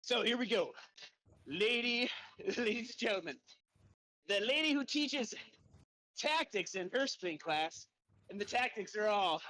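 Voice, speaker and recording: Breathless cheery podcast host. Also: male voice, extremely high pitch, expressive, measured pace, long pauses, sharp tone. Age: middle-aged. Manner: upbeat, chatty, laughing, with many restarts. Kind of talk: live podcast on a bike trainer. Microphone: desk mic on a stand.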